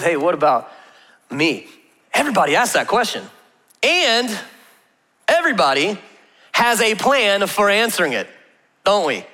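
A man's voice: on the high side, sharp tone. A man in his thirties giving a conversational sermon as a pastor, telling stories with humor and tossing rhetorical questions to the congregation. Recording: long reverb of a large hall.

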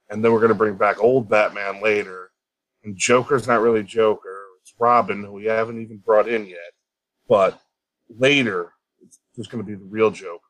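A man's voice: on the low side, fairly bright tone, rough recording. A man on a casual podcast, dry and dismissive, swearing casually as he talks. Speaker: podcast co-host or guest.

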